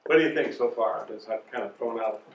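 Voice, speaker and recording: A man's voice: fairly low pitch, fast talker, vocal fry, dull audio, slight background noise. A man teaching an adult Bible class, talking conversationally with many fillers and restarts. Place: church classroom. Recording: echoey room from far off.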